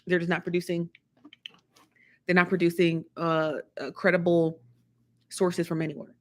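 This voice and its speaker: Woman hosting a live stream; casual, chatty, animated commentary with frequent repetition and laughter. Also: fairly low pitch, moderate pace. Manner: chatty, animated, repeats herself, laughs often. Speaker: live show host.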